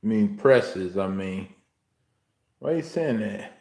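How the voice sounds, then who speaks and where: A man's voice: lowish voice, expressive, slow, a little mellow, reverberant. A young man hosting a livestream, indignantly scolding a viewer in the chat with repeated questions. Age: young adult. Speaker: livestream host.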